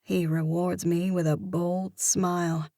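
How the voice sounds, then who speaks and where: A woman narrating a first-person romance audiobook, in a measured, expressive manner. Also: fairly low pitch, no room sound, studio quality.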